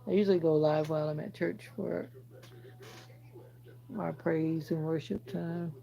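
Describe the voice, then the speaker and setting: A woman's voice: low-pitched, fairly even intonation, measured pace, gravelly, mellow, rough recording. A Jamaican woman from Jamaica hosting a casual livestream, chatting with viewers and teasing them as she answers their comments. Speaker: livestream host.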